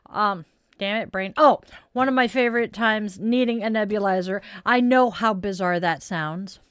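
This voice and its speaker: Rambling woman, smooth dry voice. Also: mid-range voice, moderate pace, fairly bright tone, no echo. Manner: rambling, self-deprecating, sighs often. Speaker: streamer chatting with viewers. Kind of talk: casual live-stream chat.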